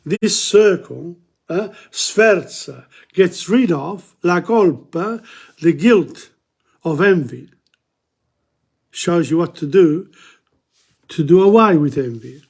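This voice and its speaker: An older male teacher reads Dante aloud, moving from Italian verse into English explanation in a loose, informal lecture. His voice is a little high for a man, animated, creaky and slightly rough with a darkish tone. He halts, stumbles and repeats words as he goes.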